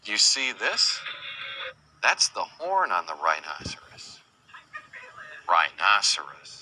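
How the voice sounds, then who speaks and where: A man teaching young children about animals in a slow sing-song way, imitating animal sounds and asking them questions. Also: deep voice, huge pitch swings, sharp tone, a little hiss or hum, poor audio. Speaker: children's educator.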